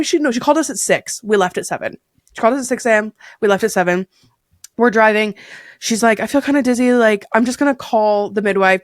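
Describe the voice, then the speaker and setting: Lively young woman telling a story. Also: on the high side, no echo, studio quality. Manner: animated, acts out quoted dialogue. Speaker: podcast guest. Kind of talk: casual storytelling interview.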